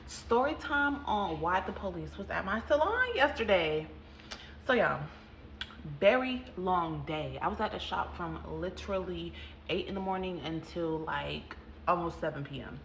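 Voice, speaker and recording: A woman who owns a hair salon, telling a story to her viewers in an animated, chatty vlog style and calling them y'all. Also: on the low side, measured pace, creaky, a little hiss or hum. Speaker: salon owner and hairstylist. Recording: roomy echo.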